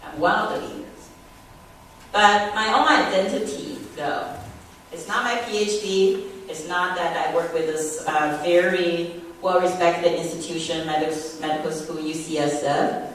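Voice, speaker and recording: A woman with a deep, low voice gives a presentation, talking in short halting phrases with fillers and pausing to spell words out. She sounds far from the microphone, and her voice rings around a large, very echoey room over faint background noise. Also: steady tone, fairly bright tone. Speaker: ministry group leader giving a presentation. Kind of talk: public presentation talk.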